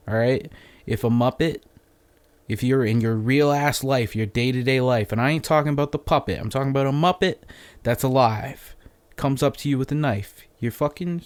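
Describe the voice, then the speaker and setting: A man's voice: mid-range voice, a little mellow, no room sound. A man hosting a solo podcast, telling a story in a rambling, profane, off-the-cuff way, a little phlegmy. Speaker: podcast host.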